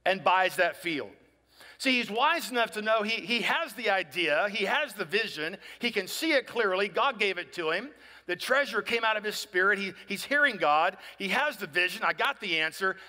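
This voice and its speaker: A man's voice: high voice, pushed and bright, big-room sound. A male pastor giving a conversational sermon, often asking "right?" and acting out both sides of conversations. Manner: conversational, asks "right?" often, acts out people in dialogue.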